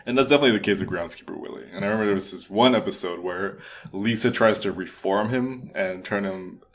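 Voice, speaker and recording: A man's voice: fairly low pitch, fast, slight background noise. A young man co-hosting a podcast in casual chat, rambling and laughing often. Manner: chatty, giggly, rambling with restarts. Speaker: podcast co-host.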